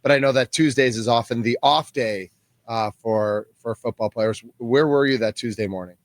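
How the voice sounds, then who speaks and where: Male co-host, dry studio sound, hesitant, many ums, middle pitch. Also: normal speed, dry recording. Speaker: radio co-host. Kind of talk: casual radio interview.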